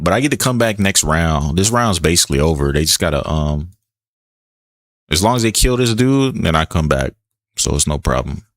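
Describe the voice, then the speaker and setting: A man with a very low voice talks through his game stream in an easy, rambling way. He chats with viewers as he plays. The sound is close and dry, with keyboard clicks and typing behind him. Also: fairly bright tone, dry recording. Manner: laid-back, chatty, reads chat aloud. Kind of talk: casual gameplay commentary.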